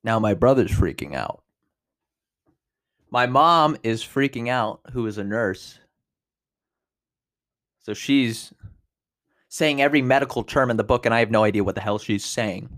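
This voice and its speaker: A man in his twenties hosting a podcast, telling a personal story in a casual, animated way, with big jumps in pitch and loudness. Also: measured pace, pauses often. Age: 20s. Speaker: podcast host.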